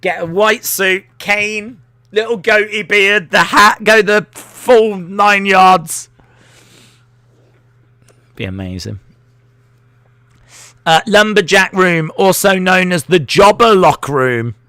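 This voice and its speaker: Slow-talking man, bright voice. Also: sits high, animated, clear, resonant tone, no echo. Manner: chatty, jokey, reacts aloud. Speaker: live stream host. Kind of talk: wrestling watch-along commentary.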